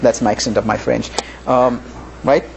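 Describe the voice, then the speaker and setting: A man's voice: mid-range voice, fairly even intonation, moderate pace, vocal fry. A man teaching a live physics class in a lecture hall, talking conversationally and often checking in with "right?". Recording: faint room noise in a lecture hall.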